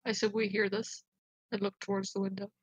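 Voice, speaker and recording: A woman's voice: medium pitch, little pitch movement, fairly quick. A woman playing a tabletop game, blunt and impatient in casual chat. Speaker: player. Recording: dull lo-fi sound.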